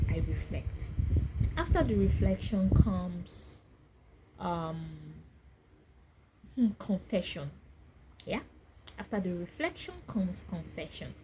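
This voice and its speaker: Slow, soft-spoken woman vlogger. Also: on the low side, sing-song, noisy background. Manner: slow, soft-spoken, thoughtful, with many pauses and restarts. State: getting teary and emotional. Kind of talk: casual reflective talk to camera.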